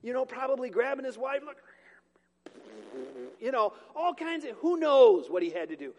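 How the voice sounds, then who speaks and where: A male pastor delivers a sermon to his congregation in a church sanctuary, keeping it conversational and full of jokes while catching and fixing his own slips. His voice is very high and a little mellow, with lively intonation and a moderate pace. The recording carries a long hall reverb.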